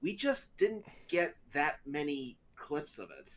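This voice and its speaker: A man's voice: fairly high pitch, sing-song, slow pace. A man co-hosting a casual podcast, rambling along with many fillers and false starts. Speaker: podcast co-host. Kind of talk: casual chat.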